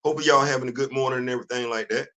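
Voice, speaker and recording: Bright-voiced animated man hosting comics talk. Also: medium pitch, very fast, low-quality recording. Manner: animated, repeats phrases, voice jumps up when worked up. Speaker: comics show host. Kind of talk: casual commentary to viewers.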